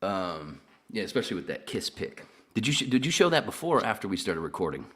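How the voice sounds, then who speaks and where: A man's voice: fairly low pitch, very animated, fast talker, fairly bright tone. A man hosting a podcast, telling long profane stories in a casual rambling way. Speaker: podcast host. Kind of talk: casual storytelling chat.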